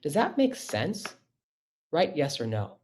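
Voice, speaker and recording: A man's voice: a little high, wildly swooping pitch, takes it slowly, a little mellow. A middle-aged man, a physician, giving a conversational webinar talk over a computer mic, emphatic and often checking in with rhetorical questions.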